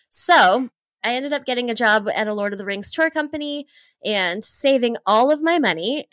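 A woman's voice: mid-range voice, a bit bright, dry recording. A woman in her thirties from Hawaii, a guest telling travel stories with enthusiasm, laughing often and acting out her own past thoughts. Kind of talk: animated storytelling in an interview.

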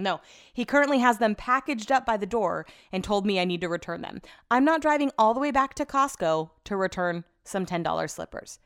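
A woman's voice: mid-range voice, lively intonation, moderate pace, clear, resonant tone. A young woman hosting a podcast in casual chat, telling stories in an exasperated, chatty way, swearing and laughing at herself. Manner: laughs at herself mid-story. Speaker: podcast host.

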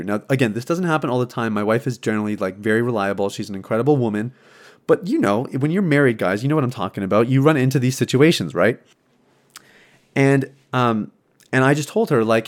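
An earnest man hosts a podcast, thinking aloud in a relaxed, reflective way. His voice sits at an ordinary middle pitch, and he often trips over and restarts his phrases, with plenty of ums along the way. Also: fairly quick. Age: adult, married. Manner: earnest, conversational, many restarts and fillers. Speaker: podcast host. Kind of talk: reflective casual monologue.

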